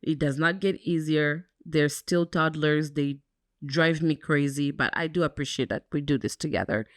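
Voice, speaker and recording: A young woman with a notably low voice talks openly and reflectively as a podcast co-host. Her speech is loose and casual, full of "um" and "like." The recording is dry and close, with no room sound. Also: moderate pace, no room sound. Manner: candid, reflective, fillers like "um" and "like". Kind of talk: casual chat.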